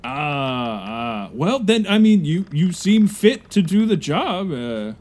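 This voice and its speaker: A man's voice: fairly high pitch, big pitch swings, takes it slowly, darkish tone. Playful man bantering in a comedy bit. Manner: playful, jokey banter as a pirate crewman. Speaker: podcast co-host. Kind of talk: improvised comedy scene.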